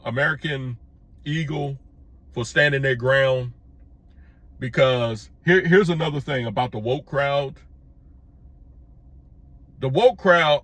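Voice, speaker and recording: A middle-aged man delivering an opinion monologue straight to his viewers in a mid-pitched voice. He talks plainly and emphatically, circles back to repeat his points and climbs higher when he drives one home. The sound is dry and close, with no room around it. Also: bright, forceful tone, no room sound. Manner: plain-spoken, addresses viewers as folks. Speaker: commentary vlogger.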